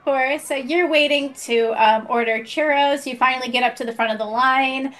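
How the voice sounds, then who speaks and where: A woman's voice: high voice, fairly even intonation, moderate pace, fairly bright tone. A woman narrating a tabletop role-playing game as game master, laughing often as she plays the characters.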